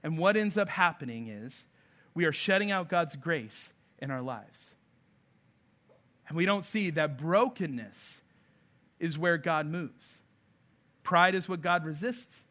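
High, bright-voiced male preacher. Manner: animated preaching, acting out Bible characters' voices. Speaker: pastor. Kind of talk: sermon.

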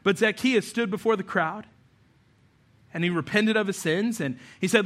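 Bright high-voiced animated male preacher. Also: brisk. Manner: animated storytelling, voices for figures. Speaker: pastor. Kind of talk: sermon.

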